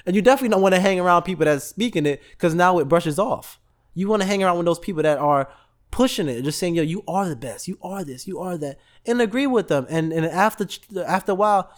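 Animated man telling motivational stories. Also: on the high side. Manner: animated storytelling, acts out voices in quotes, laughs often. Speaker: podcast host. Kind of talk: casual motivational talk.

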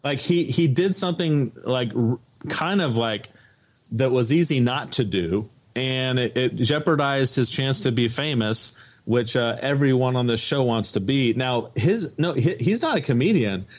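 A male podcast co-host in casual comedic chat, with a medium-pitched, wry, deadpan delivery. He pauses and restarts sentences as he works through a thought. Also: lo-fi sound.

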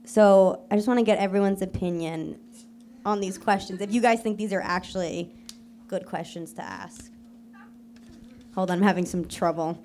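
A young woman co-hosting a live comedy podcast, quick and teasing, often acting out quotes with laughs. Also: mid-range voice, warm tone, slight background noise. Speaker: podcast co-host. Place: live show in front of an audience.

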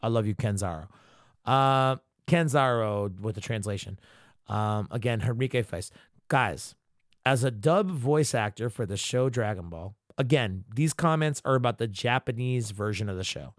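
Male podcast host, profane ranting commentary, lively swinging pitch. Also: moderate pace, dry recording, studio quality. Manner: animated, swearing, mock-outraged.

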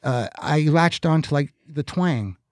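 A man's voice: on the high side, lively intonation, measured pace, dry recording, studio quality. An older man, a guest guitarist, telling stories with enthusiasm and stumbling over restarts. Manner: enthusiastic, storytelling, stammers on restarts. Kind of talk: casual interview.

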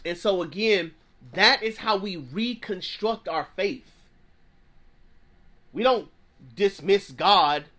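A man's voice: high-pitched, takes it slowly, long pauses, pushed and bright. A man in his thirties, a pastor preaching with fervor, repeating phrases for emphasis and dropping into plain slang. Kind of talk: preaching sermon.

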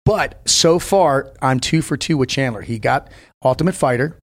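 With a medium-pitched, animated voice at a moderate pace, a man in his fifties swaps stories as a guest in casual podcast chat. He's a former Navy SEAL, and his storytelling is blunt and profane, punctuated by emphatic bursts.

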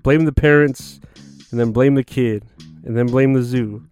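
A man's voice: mid-range voice, fairly even intonation, moderate pace, darkish tone, clean tone, faint music behind. A man hosting a podcast in a casual, rambling, profane monologue full of filler words. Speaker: podcast host.

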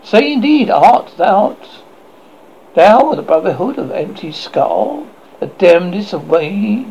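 A man's voice: high-pitched, big pitch swings, takes it slowly, creaky, a little mellow, a little hiss or hum, full character voice. A man voicing a grim, scheming old witch, speaking in stern, archaic, theatrical tones. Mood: doting. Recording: muffled lo-fi recording.

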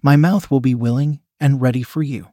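A man's voice: medium pitch, fairly even intonation, normal speed, warm tone, no room sound, studio quality, lightly acted. A man reading the lines of an eager young woman hotel employee in his own plain voice. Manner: read plainly in the narrator's own voice.

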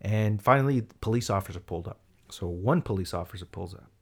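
A man in casual conversation tells a long, rambling story. He is animated and keeps slipping into quoted voices that leap in pitch and loudness. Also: quick pace, creaky, breathy edge. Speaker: storyteller in a chat.

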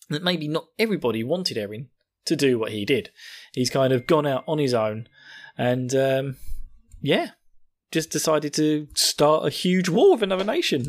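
A man's voice: a little high, animated, fairly quick. Jokey man rambling through a recap. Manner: rambling, jokey, laughs often. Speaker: podcast host. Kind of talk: casual episode recap.

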